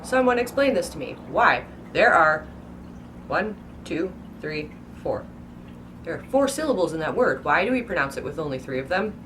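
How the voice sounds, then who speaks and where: A woman's voice: on the low side, big pitch swings, normal speed, fairly bright tone, slight background noise. A woman book vlogger rambling casually and playfully, stretching out words and exaggerating how they sound. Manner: hyper, playful, exaggerated pronunciations.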